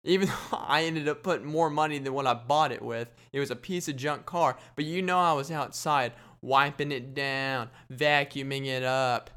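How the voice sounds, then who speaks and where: A man's voice: mid-range voice, moderate pace, few pauses, fairly bright tone, smooth. A young adult man hosting a solo comedy podcast, rambling and boasting with jokey gross-out banter. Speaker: podcast host.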